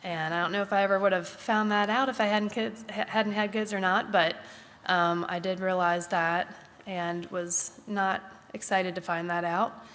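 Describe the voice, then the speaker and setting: A woman in her thirties speaks candidly and thoughtfully at a church service, stopping often for an "um" as she goes. Her middle-pitched voice trails off into the long reverb of a church sanctuary. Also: steady tone, a bit bright, a little hiss or hum. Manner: candid, thoughtful, halting with fillers. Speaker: congregant sharing a Mother's Day reflection. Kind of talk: personal talk at a church service.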